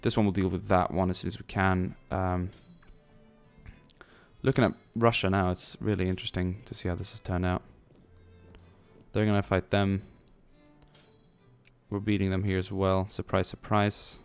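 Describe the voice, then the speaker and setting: Low-voiced man rambling over gameplay. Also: level tone, moderate pace, long pauses, clear, resonant tone, soft background music. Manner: rambling, thinks aloud, jokey asides. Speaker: let's play commentator. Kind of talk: casual gameplay commentary.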